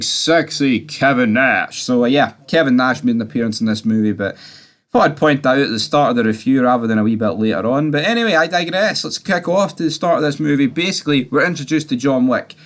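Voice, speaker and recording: A man rambles through a movie review in a loose, chatty way at an ordinary middle pitch. He swears freely and keeps tossing quick questions at his listener. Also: expressive, fairly bright tone. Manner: rambling and chatty, swears, tags lines with "right?". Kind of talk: casual movie review monologue.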